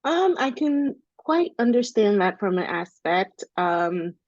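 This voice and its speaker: A woman from the United States talks through a podcast discussion on culture, easygoing and conversational. Her voice sits at a middle pitch. She gets animated whenever she acts out what others said. The sound is dry and a little muffled. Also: slow, no echo. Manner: storytelling, animated when quoting others. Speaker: podcast co-host, educator.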